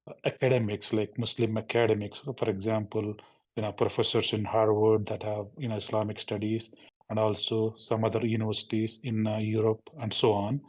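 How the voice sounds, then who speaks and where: A man calling into a live show, talking rapidly and rambling with constant fillers. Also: on the low side, little pitch movement, a little mellow. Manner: rapid, rambling, full of "you know" fillers. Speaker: caller. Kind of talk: phoned-in conversation.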